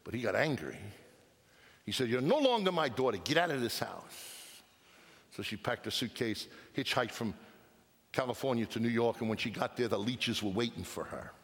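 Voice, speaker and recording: A man preaching a sermon, telling a story with hushed lines and emphatic outbursts. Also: on the low side, expressive, normal speed, vocal fry. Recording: long reverb of a large hall.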